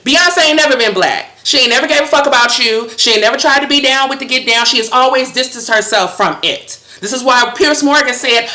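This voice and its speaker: A woman's voice: fairly high pitch, normal speed, bright, forceful tone, reverberant. A woman delivering a heated, profane, scolding monologue with a sarcastic edge. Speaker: commentator.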